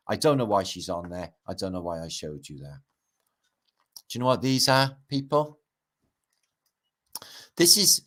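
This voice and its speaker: A man's voice: lowish voice, a bit bright. A middle-aged man, rambling and swearing through a casual livestream chat as its host. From Britain.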